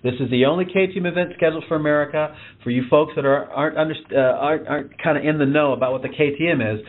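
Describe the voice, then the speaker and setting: A man's voice: on the high side, rapid-fire. A man who works for the company, patiently explaining plans and reassuring a partner over a tinny phone line. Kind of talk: phone conversation.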